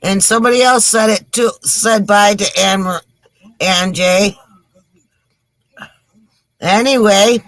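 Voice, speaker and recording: A woman's voice: medium pitch, steady tone, slow pace, pauses often, no room sound. A woman hosting her weekly joke segment on a live stream, chatting and greeting viewers by name. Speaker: comedy show host. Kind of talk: casual live-stream chat.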